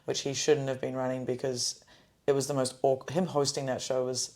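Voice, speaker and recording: A woman's voice: rumbling low, little pitch movement, normal speed, a little mellow. Chatty young woman podcast host. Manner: chatty, rambling with many fillers and restarts; smooth phone-style podcast voice. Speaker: podcast host and comedy showcase producer. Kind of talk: casual chat.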